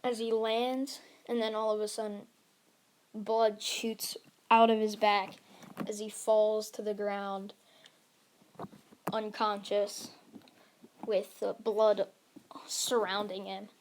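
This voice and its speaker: A woman's voice: mid-range voice, flat delivery, slow pace, long pauses, slight background noise. A woman narrating an improvised fan-fiction story, rambling along with frequent restarts. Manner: rambling, with many restarts and fillers.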